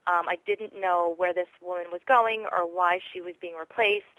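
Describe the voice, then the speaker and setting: Dry-sounding, low-pitched woman chatting. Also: fairly even intonation, normal speed, fairly bright tone, no room sound, rough recording. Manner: reflective, chatty, many fillers. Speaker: voice actress, interview guest. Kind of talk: casual interview chat.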